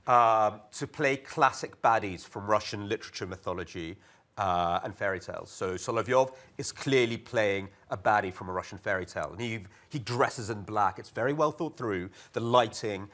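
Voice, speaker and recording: A man speaking as a panelist at a conference, lively and wry, often quoting others in mock voices. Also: on the low side, normal speed. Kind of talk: panel discussion remarks. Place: conference hall.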